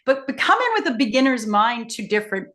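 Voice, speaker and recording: A woman's voice: on the high side, fast. A middle-aged woman, a facilitator and coach, telling stories in a casual conversation and acting out the dialogue. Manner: animated, acts out dialogue in her stories.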